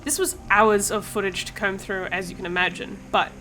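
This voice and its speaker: A woman's voice: medium pitch, steady tone, moderate pace, pushed and bright, rough recording. Woman narrating a voice-over over music. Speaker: vlogger narrating.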